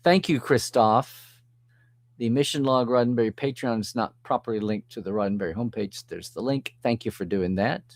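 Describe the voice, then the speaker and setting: A man hosts a live stream, chatting casually as he reads out viewer comments and answers them, chuckling often. He speaks at a medium pitch and moderate pace, with no room sound in the recording.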